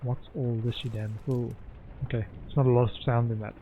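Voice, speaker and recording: A man's voice: medium pitch, flat delivery, a little fast, noisy background. A man streaming a game, thinking aloud as he puzzles over clues. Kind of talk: gameplay commentary. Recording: muffled lo-fi sound with faint game music.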